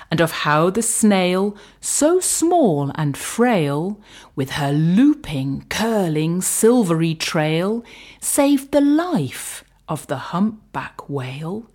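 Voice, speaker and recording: A woman reading a rhyming picture book aloud, lilting and slipping into soft whispers. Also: lowish voice, slightly rough. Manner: slow, lilting, drops to whispers. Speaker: storyteller.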